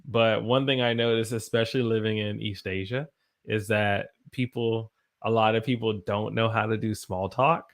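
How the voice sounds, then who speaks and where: A young American man, an English teacher, chatting on a live stream, animated and greeting his viewers by name. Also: on the low side, normal speed. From United States. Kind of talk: casual live-stream chat.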